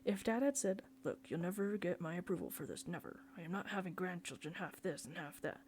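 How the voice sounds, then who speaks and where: A woman's voice: fairly low pitch, brisk, a little mellow, slight background noise, natural voice. A woman reading the part of a scornful middle-aged male surgeon who lectures and accuses his brother. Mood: accusing.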